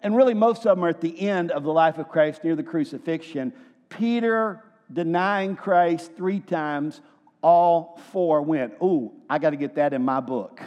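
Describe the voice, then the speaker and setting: High-voiced male preacher in echoey hall. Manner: lively, asks the room questions and acts out quotes. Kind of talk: sermon. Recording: long hall reverb.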